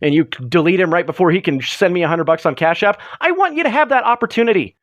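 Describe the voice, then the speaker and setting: A man's voice: high-pitched, animated, fast, no echo. A man hosting a casual livestream, greeting chatters and rambling through jokes. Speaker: streamer host.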